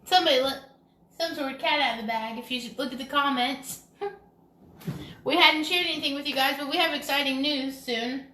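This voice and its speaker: A woman's voice: high-pitched, fairly quick, pushed and bright. A woman co-hosting a casual live stream, chatty and giggly, rambling from topic to topic. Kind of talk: casual chat. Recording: echoey room.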